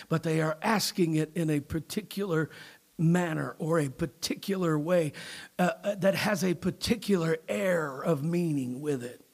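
A pastor delivers a sermon, shifting from low, quiet speech to loud, shouted emphasis, and he often repeats his words.

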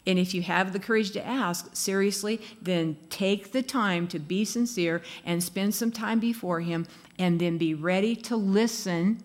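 Woman preaching in a chatty way, laughs a lot, acts out quotes, mid pitch. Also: measured pace. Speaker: speaker giving a devotional talk. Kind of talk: sermon.

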